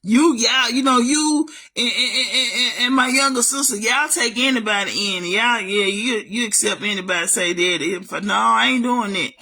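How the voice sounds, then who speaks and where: Fired-up woman ranting on camera about family, high bright voice, keeps calling the listener baby. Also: normal speed, hardly any pauses. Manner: heated, calls the listener baby, swings loud and high. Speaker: vlogger. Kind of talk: emotional family rant to camera.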